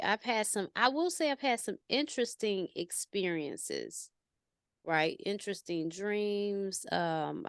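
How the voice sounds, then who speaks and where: A woman chatting casually in an interview, telling stories in an animated, slangy way and asking questions. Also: lowish voice, clear, resonant tone, no room sound, studio quality. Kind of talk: casual conversation.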